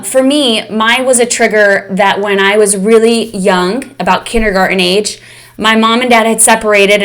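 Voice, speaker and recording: A woman's voice: medium pitch, fairly bright tone. A woman coach leading a live online session, speaking candidly and emotionally straight to her audience. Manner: candid, emotional, speaks directly to "you guys". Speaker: fitness and mindset coach.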